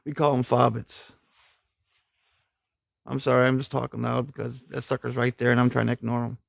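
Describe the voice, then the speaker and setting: On a live stream, a middle-aged army veteran rambles through war stories, cussing, laughing often, and using folksy grammar. His gravelly voice sits at an ordinary pitch with little pitch movement, at a moderate pace. The recording is dry and close.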